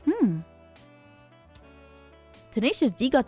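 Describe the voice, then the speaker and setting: A young woman from the Netherlands, chatting playfully with her stream chat and often jumping into high squeals. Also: takes it slowly, pauses often, no room sound, faint music behind. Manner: playful, animated, jumps to squeals. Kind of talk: casual chat with chat.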